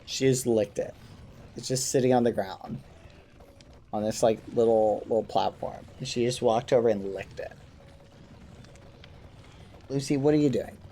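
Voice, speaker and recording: Male streamer, casual chat to viewers, home gaming setup, clicky keyboard behind, mid-pitched voice. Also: a little slow, pauses often, mellow, a little hiss or hum. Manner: chatty, talks to chat, mild exclamations instead of swearing. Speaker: livestreamer.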